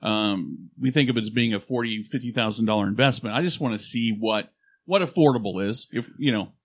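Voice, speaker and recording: A man's voice: on the low side, expressive, fairly quick. A man co-hosting a podcast in casual chat, with a projected radio-style delivery and frequent restarts. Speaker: podcast co-host. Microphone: studio microphone.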